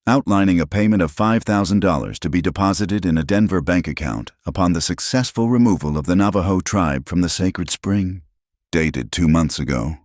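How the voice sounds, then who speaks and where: Guy doing a cold steady schoolteacher lady, deep dry voice, audiobook western. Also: moderate pace, no echo, close to an everyday voice. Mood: steady, accusing. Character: determined wounded frontier schoolteacher woman.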